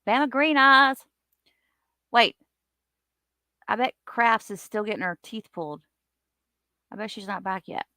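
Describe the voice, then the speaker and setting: Chatty woman with a gravelly voice. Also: a little slow, pauses often, no room sound, studio quality. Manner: chatty, greets viewers by name; animated, lively swings in pitch and loudness. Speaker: live-stream host. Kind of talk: casual live-stream chat.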